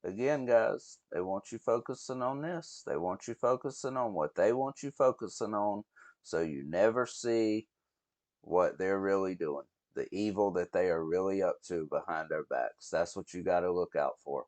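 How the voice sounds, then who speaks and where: Guy rambling thru a reaction vid, kinda low voice, swears a lot, dead dry sound. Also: moderate pace, darkish tone, dry recording. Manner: rambling, swears, talks to viewers as guys. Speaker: reaction video host. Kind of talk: casual reaction commentary.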